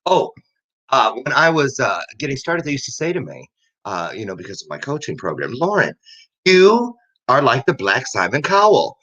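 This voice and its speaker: A man's voice: fairly low pitch, sharp tone, dull audio. A man in his fifties hosting a casual talk show, rambling and joking with frequent laughs. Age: over 50. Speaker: host. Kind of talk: casual chat show monologue.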